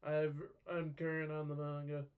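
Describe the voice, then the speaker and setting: A man co-hosting a stream in casual chat, unhurried with small repeats. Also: on the high side, completely flat delivery, smooth. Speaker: co-host on a stream. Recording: tinny phone-like line.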